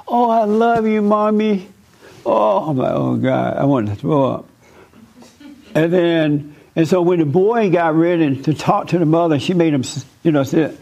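A man's voice: on the high side, warm tone, rough recording. A man giving spiritual counseling in an emphatic, preachy way, repeating words for stress.

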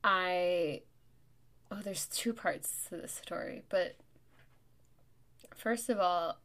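Animated woman telling a story. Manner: animated, gets louder and higher as the story heats up. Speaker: podcast host. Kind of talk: casual storytelling chat. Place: New York.

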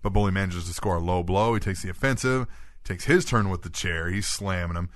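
Fast-talking low-voiced man recapping. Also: no room sound. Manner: rapid play-by-play recapping, tags "right?" on statements. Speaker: podcast co-host. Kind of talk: casual wrestling recap chat.

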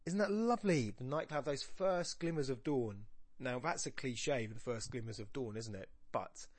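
A man who hosts a podcast and teaches, analysing a poem aloud, musing and stopping himself mid-thought and reading quoted verse slowly. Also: mid-range voice, slightly rough, no room sound. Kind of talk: thinking-aloud poetry analysis.

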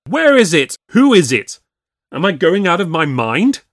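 A man voices an easily angered, middle-aged, old-world lawyer, shouting loudly in alarm and agitation. His mid-range, expressive delivery at a moderate pace is pitched above his own voice but stays close to an everyday one. The recording is clean studio sound with no room sound.

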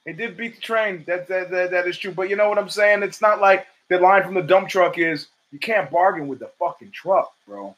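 An older man hosts his own show in a loose, profane monologue that drifts from story to story. His voice sits noticeably high for a man, and he keeps slipping into quick acted-out lines of dialogue. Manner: profane, rambling, animated storytelling with acted quotes. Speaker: podcast host. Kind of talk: casual monologue.

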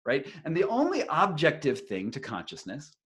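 Rambling, animated male storyteller. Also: fairly high pitch, moderate pace. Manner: rambling, many fillers and restarts, animated retelling. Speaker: investigative journalist and author, interview guest. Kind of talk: casual storytelling in conversation.

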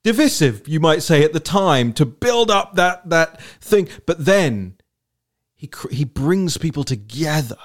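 A podcast host leads a political talk-show conversation in a slightly high, unhurried voice. He's animated and rambling, repeating words as he thinks aloud.

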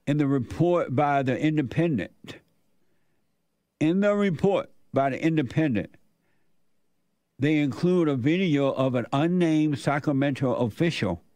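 A man's voice: fairly high pitch, a little mellow, no echo. Preachy older man hosting talk radio. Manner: preachy, repetitive, emphatic. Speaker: radio show host. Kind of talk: opinionated talk radio commentary.

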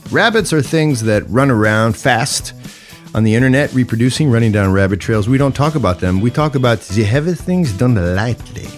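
A man's voice: medium pitch, normal speed, faint music behind. A man hosting a solo podcast, talking in a playful, reflective way that moves between jokes and musing. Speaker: podcast host.

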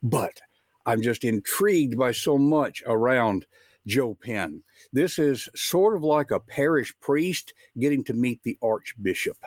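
A man's voice: medium pitch, expressive, unhurried, no room sound. A man with a Southern US accent hosting a live talk show, chatty and folksy, with frequent filler words. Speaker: host.

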